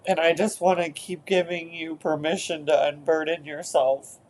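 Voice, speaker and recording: A woman therapist narrating an inner therapy session in a soft, hesitant way, with many fillers. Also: low voice, little pitch movement, normal speed, slight background noise.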